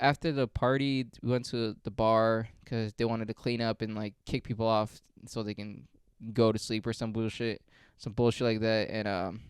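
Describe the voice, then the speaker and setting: A man hosting a podcast, telling stories in a rambling, profane, deadpan way on a close mic. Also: medium pitch, clear, resonant tone, no room sound. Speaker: podcast host. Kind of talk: casual storytelling.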